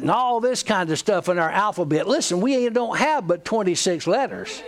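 A man's voice: high-pitched, expressive, moderate pace, creaky, hardly any pauses. A middle-aged man from Georgia with a Southern accent, preaching a sermon with folksy, humorous storytelling. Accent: Southern American. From Georgia, USA. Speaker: pastor.

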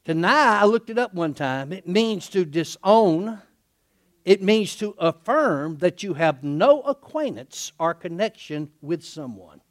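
Here the same kind of animated, folksy preaching comes in a high-sitting voice that moves a little slowly. The middle-aged preacher laughs often, checks in with "isn't that right?", and plays out the characters from the passage he reads aloud.

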